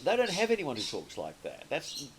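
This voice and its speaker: This slightly high-pitched Australian man in his sixties swings widely in pitch while speaking at normal speed, with faint background noise. A comedy writer and producer, he's an interview guest whose storytelling rambles and restarts often.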